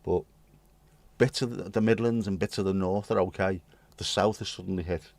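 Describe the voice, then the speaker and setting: Deep-voiced British man rambling to chat. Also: steady tone, moderate pace, vocal fry, a little mellow, dry recording. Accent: British English. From United Kingdom. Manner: rambling, cheeky, swearing jokes, reads and answers chat. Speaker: livestream host. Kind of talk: casual chat to live chat readers.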